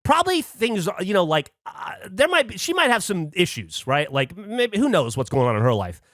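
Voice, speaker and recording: Animated, swearing storyteller man. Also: high-pitched, moderate pace, no echo, studio quality. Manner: animated, swears a lot, acts out quotes. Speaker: podcast host. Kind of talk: casual anecdote telling.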